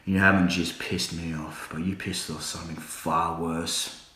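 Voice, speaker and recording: A man's voice: deep voice, level tone, unhurried, sharp tone, reverberant. A man cutting an angry, swearing wrestling promo, full of threats. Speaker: backyard wrestling promo talker.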